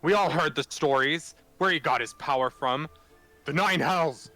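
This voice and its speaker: A man's voice: on the high side, a little slow, sharp tone, soft background music, pitched above the performer's own voice. A man doing a blunt, accusing Goliath. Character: blunt suspicious male Goliath.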